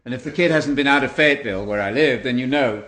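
A man's voice: mid-range voice, quick pace, a bit bright, a little hiss or hum. Older English man, guest speaker, wry storyteller with audience asides. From England.

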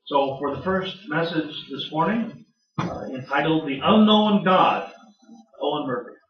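A man's voice: a little high, measured pace. Older man rambling an introduction. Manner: rambling, hesitant, many fillers. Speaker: event host. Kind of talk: introducing a speaker. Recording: roomy hall, distant mic, dull sound.

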